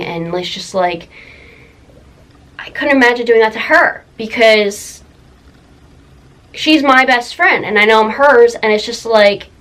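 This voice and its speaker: A young woman telling a personal story in a confessional vlog, halting, full of fillers and close to tears. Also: medium pitch, a bit bright, low-quality recording. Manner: emotional, halting, many fillers. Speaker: vlogger.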